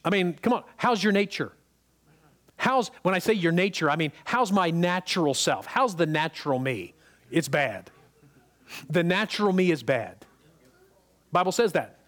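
A preacher with a high-pitched male voice delivers a sermon in an easy, conversational manner. He keeps asking the congregation whether they follow him and repeats words when he wants to stress a point. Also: big pitch swings, normal speed, long pauses, a bit bright.

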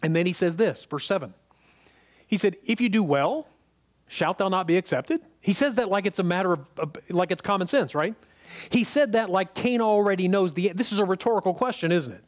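A man with a high-pitched voice preaches fairly quickly in a loose, chatty manner. Stopping often to ask if the congregation is following, he repeats words whenever he wants to stress something.

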